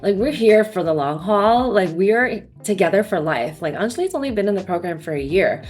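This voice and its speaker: A woman's voice: medium pitch, animated, a little fast, darkish tone, faint music behind. A young woman hosting a casual interview, gushing and effusive, full of "like" and "um". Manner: gushing, effusive, filler-heavy. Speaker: interview host and course coach.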